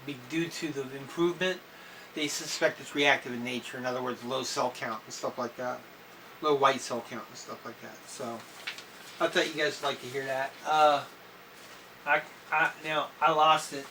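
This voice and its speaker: A man in a personal video diary, talking haltingly with many fillers and clearing his throat and coughing now and then. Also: a little high, sharp tone. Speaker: vlogger. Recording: slightly distant mic with faint noise.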